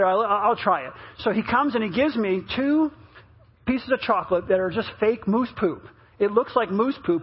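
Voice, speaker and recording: A male pastor with a very high, husky voice tells a story in his sermon, chatty and full of restarts. The sound is dull and muffled. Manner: chatty storytelling with many restarts, rising and louder at the punchlines.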